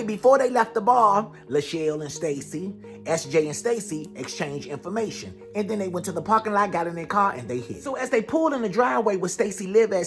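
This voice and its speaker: A male comic storyteller whose narration is lively, slangy and full of cursing, with a soft music bed faintly behind him. He tells the story directly, as if to friends. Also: high voice. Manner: animated, slangy, profane. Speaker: comedian storyteller.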